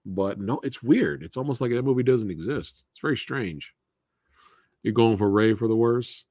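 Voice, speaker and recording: A man's voice: mid-range voice, moderate pace, mellow, no room sound, studio quality. A man hosting a live Q&A stream, chatting casually and answering viewers by name.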